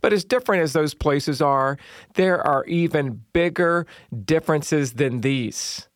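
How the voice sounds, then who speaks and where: A middle-aged man preaches a sermon, telling funny stories from his small-town life before turning to faith. His voice sits a little high for a man, and the sound is dry and close with no room around it. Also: a little slow, no echo. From Southern United States. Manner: humorous storytelling, lively quoted voices. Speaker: pastor.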